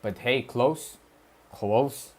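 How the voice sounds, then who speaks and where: A man with a deliberately put-on Arabic-style accent, casually chatting with viewers on a study livestream and reading chat aloud. His speech is slangy and loose, with swearing and frequent stumbles. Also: mid-range voice, a little mellow. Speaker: streamer studying on stream.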